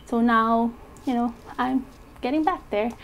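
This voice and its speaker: A young woman speaking in a candid personal vlog, soft and halting, with frequent fillers as she opens up. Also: on the high side, muffled recording, slight background noise. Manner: soft, halting, open about her feelings, with frequent fillers. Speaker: budgeting vlogger.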